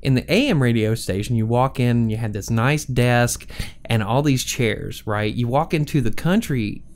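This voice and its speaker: A man in his forties telling relaxed stories on a podcast. His voice sits in the middle range. He laughs easily as he talks. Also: medium pitch, moderate pace. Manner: chatty storyteller who laughs often. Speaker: podcast co-host. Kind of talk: casual chat.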